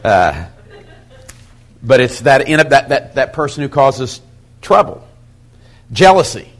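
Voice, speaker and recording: A middle-aged man teaching as a pastor, folksy and animated, acting out quoted asides. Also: mid-range voice, takes it slowly. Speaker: pastor teaching a Bible study method. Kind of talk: sermon-style teaching talk.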